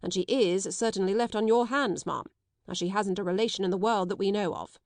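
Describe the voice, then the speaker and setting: A woman's voice: mid-range voice, brisk, no room sound, natural voice. A woman reading an audiobook, voicing a dry, brusque middle-aged male solicitor with a clipped, disapproving manner.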